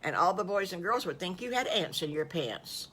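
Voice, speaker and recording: An older woman voicing a loving adoptive farm mother who coaxes gently. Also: fairly low pitch, very animated, normal speed, slight background noise. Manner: warm motherly coaxing.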